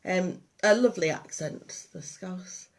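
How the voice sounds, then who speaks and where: A woman's voice: on the low side, unhurried. A woman with a Liverpool and Lancashire accent hosting a live craft demonstration, chatty and meandering with many ums and restarts. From Liverpool and Lancashire, England. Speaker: craft workshop host.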